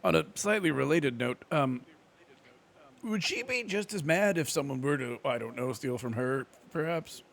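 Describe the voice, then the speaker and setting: A man's voice: medium pitch, expressive, normal speed, creaky, fairly bright tone. A man playing a tabletop game, joking around in a playful way. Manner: playful, jokey. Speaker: player.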